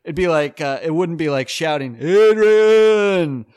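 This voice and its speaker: A man's voice: fairly high pitch, steady tone, fairly quick, dry recording. A man doing an awkward stand-up set on a club stage, rambling and hesitant with many fillers and nervous laughs. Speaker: stand-up comic.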